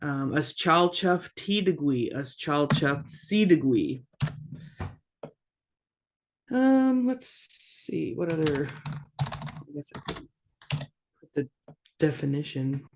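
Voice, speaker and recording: A language teacher giving a casual online lesson, repeating each word slowly and carefully and dropping in relaxed asides between examples. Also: mid-range voice, noisy background. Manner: slow, careful repetition of words with casual asides.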